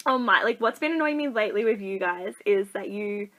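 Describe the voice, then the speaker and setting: A woman's voice: mid-range voice, lively intonation, a little fast, bright, forceful tone, rough recording. A young woman giving casual dating advice in a chatty vlog, full of fillers and acted-out quotes. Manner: chatty, full of likes, acts out quoted people. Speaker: vlogger.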